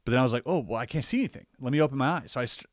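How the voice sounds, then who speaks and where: A man in a casual podcast conversation, telling a personal story in an animated way, acting out his own reactions with lots of filler words. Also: mid-range voice, racing, no echo, clean studio sound. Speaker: podcast guest or co-host.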